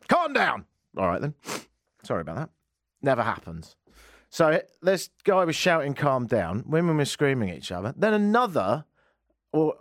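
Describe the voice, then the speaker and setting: A man's voice: medium pitch, no echo, clean studio sound. A man hosting a live talk radio show, telling a comic story with self-mocking jokes. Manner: jokey, self-mocking storytelling, jumps between loud and hushed. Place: radio studio.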